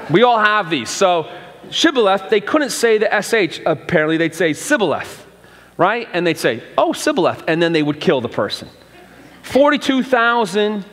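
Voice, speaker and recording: A man's voice: high-pitched, a bit bright, long reverb tail. A male pastor giving a conversational sermon, often restarting phrases and acting out quotes. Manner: conversational preaching with repeated restarts and acted-out quotes. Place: church sanctuary.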